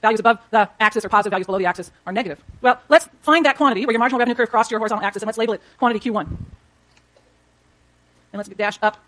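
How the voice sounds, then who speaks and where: Drawing graphs as she goes, a woman teaching economics walks her students through each step in a classroom lecture. She talks rapid-fire in a slightly high, fairly bright voice.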